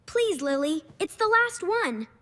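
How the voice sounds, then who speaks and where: A woman voicing a cheeky, playful young boy in a slow cartoon story, later pleading for help. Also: extremely high pitch, very animated, a bit bright, heavily acted. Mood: teasing. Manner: teasing, then choking and pleading. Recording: reverberant room.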